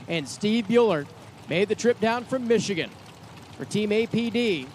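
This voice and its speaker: A man announcing drag racing live at the track, excitable and folksy, quick with a joke. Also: high voice, slight background noise. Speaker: track announcer and assistant general manager. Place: outdoor drag strip. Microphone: hand-held announcer mic.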